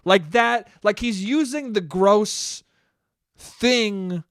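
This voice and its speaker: Smooth-voiced man ranting profanely. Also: high voice, very slow, fairly bright tone, dry recording, studio quality. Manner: profane, ranting, laughs at own jokes. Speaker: podcast host. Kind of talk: solo comedic monologue.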